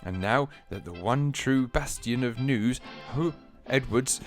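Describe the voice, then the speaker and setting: A man's voice: mid-range voice, slow pace, faint music behind. A man hosting a radio show, reading a silly story aloud and breaking off into laughter. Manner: giggly, self-interrupting, breaks off into laughter. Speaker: radio host.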